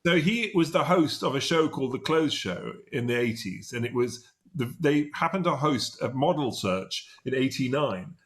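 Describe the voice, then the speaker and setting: A man in his fifties from Britain hosts a casual podcast interview. He talks in a chatty, meandering way at a middle pitch. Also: animated, normal speed, hardly any pauses. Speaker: podcast host.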